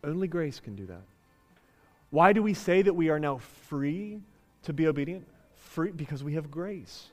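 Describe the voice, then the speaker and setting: A male pastor delivers a sermon in a high, clear voice. He tells a story plainly, then rises into emphatic, ringing passages. The sound carries the long reverb of a large church hall. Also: expressive, normal speed, a little mellow, soft background music.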